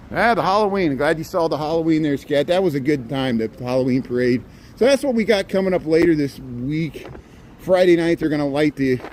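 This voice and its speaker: A man in his forties from Indiana with a Midwestern accent hosts a walking livestream on a city street. He talks in a folksy, rambling way, filling his sentences with "here" and "there.". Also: medium pitch. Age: 40s. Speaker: livestream host. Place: outdoors on a city street in light rain. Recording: street noise behind.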